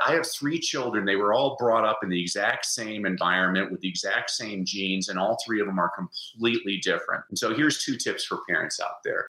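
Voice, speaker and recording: A man's voice: lowish voice, echoey room, low-quality recording. A middle-aged man from the United States, a teacher and reading coach, telling jokey stories in a casual interview. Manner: animated storyteller, jokey.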